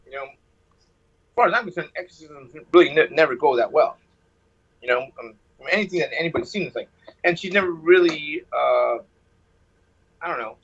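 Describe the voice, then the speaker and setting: Husky man rambling over a phone line. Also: on the high side, a little fast, long pauses, a bit bright. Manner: rambling, sarcastic, hot-tempered. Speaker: caller. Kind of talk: telling a personal story.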